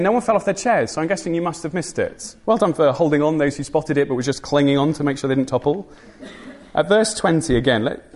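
A man's voice: on the high side, darkish tone. A man preaching a sermon, earnest and emphatic, with dry humorous asides.

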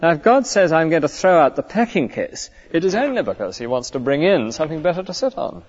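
A man's voice: on the high side, sing-song, a little fast, dull audio. A male clergyman giving an earnest, conversational sermon full of rhetorical questions.

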